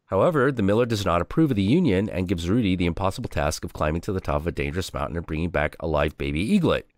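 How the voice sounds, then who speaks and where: Brief: male stream host, low, expressive voice, dry recording. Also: dry recording. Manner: animated, profane, with frequent restarts. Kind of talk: casual storytelling chat on a stream.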